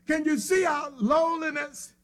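A man preaching a sermon with an impassioned delivery that swings from hushed near-whispers to cries. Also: very high-pitched, a little slow.

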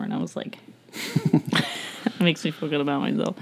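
A woman's voice: deep voice, normal speed, gravelly, long pauses. A woman in her thirties co-hosting a casual home podcast, rambling and laughing at herself. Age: 30s. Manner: giggly, rambling, self-mocking. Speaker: podcast co-host. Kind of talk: casual chat.

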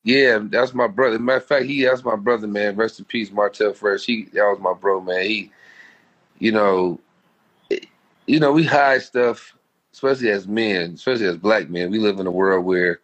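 Low-voiced man telling a heartfelt story. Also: normal speed, a bit bright, muffled recording. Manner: heartfelt, rambling, slangy. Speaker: guest. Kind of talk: casual storytelling.

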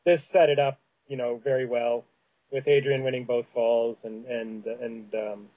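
A podcast host with a Canadian Prairies accent chats casually, rambling with plenty of fillers and restarts. His voice sits in the mid range, steady and unhurried, and the sound is lo-fi.

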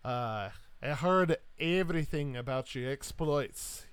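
A man voicing a huge, bearded, boisterous male highland warrior in a tabletop game, hearty and rowdy with a put-on folksy accent. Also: normal speed, natural voice.

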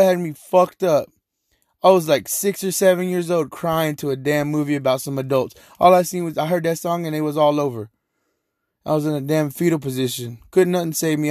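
A man's voice: fairly high pitch, a little mellow, no room sound, studio quality. A young man from Texas, hosting a casual solo podcast, rambling and joking with lots of slang and swearing. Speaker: podcast host.

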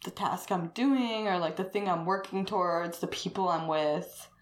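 A woman's voice: fairly low pitch, normal speed. A woman chatting casually as a guest, rambling and saying "like" constantly, laughing often. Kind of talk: casual conversation. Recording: roomy echo.

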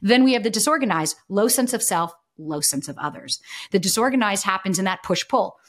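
A woman in her thirties speaks as a podcast guest, candid and blunt, with a mid-range voice. She tells stories in a lively, expressive way, cursing freely and slipping into the voices of people she quotes. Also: medium pitch, fairly quick. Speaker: podcast guest, dating coach. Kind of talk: candid conversational storytelling.

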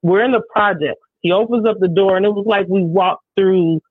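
A woman who works as a show promoter, telling stories in a casual podcast chat, animated, emphatic and heavy on swearing. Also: medium pitch, fairly quick, slightly rough, no echo. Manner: profane, animated, emphatic storytelling. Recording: dry, tinny phone-like sound.

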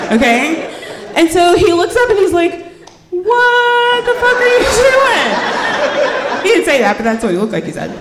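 A woman telling a comedic story on stage, animated and swearing, acting out voices. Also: sits high. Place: live show before a laughing audience. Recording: roomy hall with crowd.

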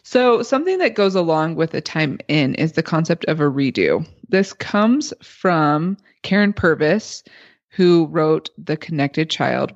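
Woman explaining calm parenting advice. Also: low voice, gravelly, no room sound, muffled recording. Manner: explanatory, coaching tone. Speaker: parenting expert guest. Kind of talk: casual podcast discussion.

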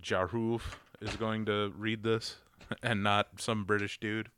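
A man's voice: fairly low pitch, level tone, slow, fairly bright tone, slight background noise. A man with an Upper Midwest accent, co-hosting a casual podcast, joking and teasing with frequent laughs. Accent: Upper Midwest American. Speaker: podcast co-host. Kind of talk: casual chat.

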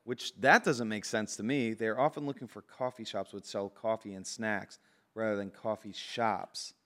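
Young male podcast co-host, casual, deadpan ribbing. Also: lowish voice, normal speed. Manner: teasing, deadpan jokes. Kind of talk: casual chat.

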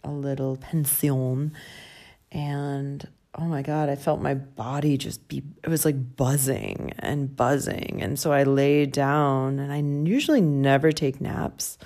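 A woman's voice: extremely low pitch, fairly even intonation, a little slow, mellow. A young woman talking candidly in a personal travel vlog, emotional and tearful, laughing through tears and swearing casually. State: crying. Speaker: travel vlogger.

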